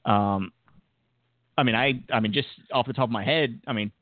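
A man's voice: mid-range voice, moderate pace, dry recording. A man hosting a podcast in casual chat, upbeat and encouraging. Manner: upbeat, encouraging, laughs easily. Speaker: podcast host. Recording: tinny dry phone-like sound.

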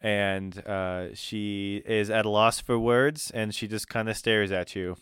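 A man narrates a tabletop role-playing game as game master, halting and full of fillers. His voice is smooth and clear, and he talks slowly. The sound is dry and close. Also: lowish voice, fairly even intonation, fairly bright tone, dry recording. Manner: halting, many fillers and restarts.

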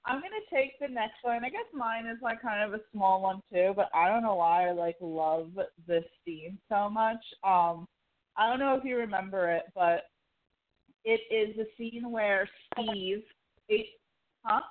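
Over a tinny line that sounds like a phone, a podcast co-host with a mid-range voice speaks a little slowly. She chats casually, telling stories that ramble and are heavy with fillers.

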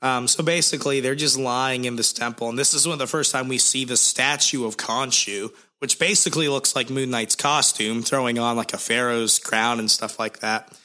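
Bright-voiced man recapping a comic. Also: mid-range voice, normal speed, few pauses. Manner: lively storytelling, crude jokes, many fillers. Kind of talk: casual comic recap chat.

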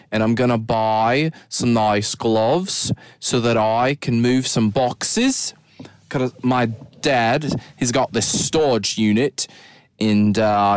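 A man putting on an attempted Australian accent, speaking in a slow, drawn-out, louder way. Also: lowish voice, smooth, no echo, clean studio sound.

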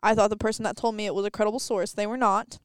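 A teenage girl co-hosting a casual podcast from a classroom, telling rambling, animated stories. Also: mid-range voice, racing, smooth, no echo. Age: teens. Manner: rambling, animated storytelling with put-on voices. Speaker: podcast co-host. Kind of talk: casual chat.

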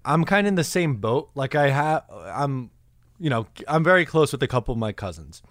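A man's voice: mid-range voice, very animated, fairly quick, no echo, studio quality. A man in his twenties hosting a podcast, chatting in an easygoing way and laughing often. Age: 20s. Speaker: podcast host. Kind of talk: casual chat.

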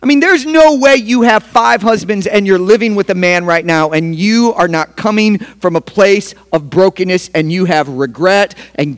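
A man preaching a sermon as pastor, emphatic, with sharp swings from hushed to loud. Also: high voice, in a large hall.

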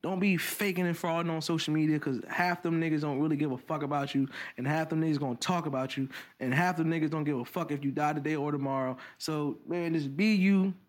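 A man's voice: on the high side, fairly even intonation, quick pace, few pauses. A man co-hosting a podcast, ranting bluntly and profanely in casual chat. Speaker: podcast co-host.

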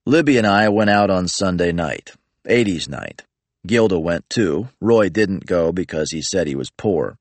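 A low-voiced man narrates a first-person story in a flat, matter-of-fact tone, swearing casually. The recording is dry and close, with no room sound around him. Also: unhurried, dry recording.

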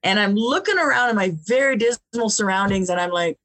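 Animated woman telling her own story. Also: mid-range voice, fairly quick. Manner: animated, repeats words, laughs between phrases. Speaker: interview guest, author. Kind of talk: personal storytelling in conversation.

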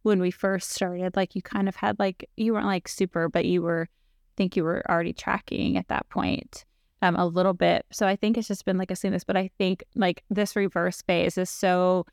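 A woman's voice: fairly low pitch, little pitch movement, normal speed, darkish tone, dry recording, studio quality. A woman in her forties, a fitness coach hosting a podcast, talking casually and rambling with many fillers.

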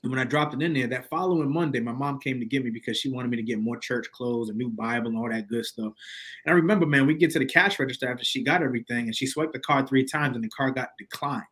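Podcast guest, young adult man, mid-pitched voice, slangy storyteller who acts out the quotes. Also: quick pace, fairly bright tone. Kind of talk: storytelling in casual conversation.

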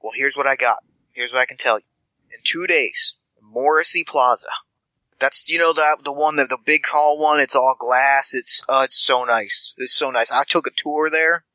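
A man's voice: medium pitch, moderate pace, bright, forceful tone, no room sound, poor audio. A man voicing a friendly, scatterbrained male street informant who stammers and rambles. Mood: rambling.

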